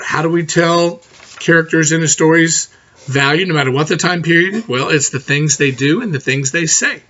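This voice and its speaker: A middle-aged man teaching a college writing class in a recorded lecture, talking fast and direct, often checking in with "okay?". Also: on the high side, bright, forceful tone, slight background noise. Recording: dull lo-fi recording.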